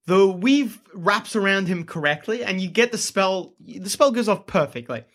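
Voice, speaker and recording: A man's voice: high voice, animated, moderate pace, fairly bright tone. A man narrating as game master, often laughing mid-sentence.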